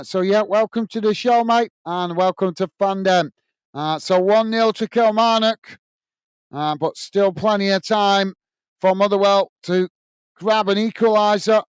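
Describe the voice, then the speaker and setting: Male watch-along host, high clean voice, dry close mic, easygoing match chat. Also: clear, resonant tone, no room sound. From United Kingdom. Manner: friendly, reads out viewer messages, frequent "mate" and "uh" fillers; excited goal call. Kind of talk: live football watch-along commentary and chat.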